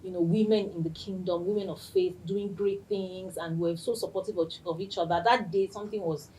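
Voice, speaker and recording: A woman hosting a podcast, telling a personal story in an excited way and laughing often. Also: lowish voice, a little fast, a little hiss or hum, poor audio. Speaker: podcast host.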